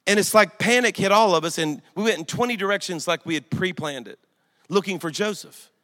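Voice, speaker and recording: A middle-aged man, preaching a sermon in a church, telling a story with emphasis and swinging from loud outbursts to hushed asides. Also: high-pitched, fairly quick. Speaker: pastor. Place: church sanctuary. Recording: long hall reverb in a church.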